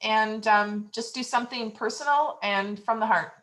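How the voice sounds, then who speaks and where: A woman's voice: on the high side, normal speed, a bit bright, rough recording. A woman leading a real estate training session on a video call, giving encouraging, conversational advice.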